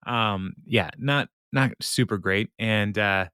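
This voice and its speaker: A man's voice: lowish voice, slow, pushed and bright, clear, resonant tone, dry recording, studio quality. A man co-hosting a podcast, casually recapping a sitcom episode with lots of fillers and laughter. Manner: rambling with many fillers, laughs often. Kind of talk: casual chat.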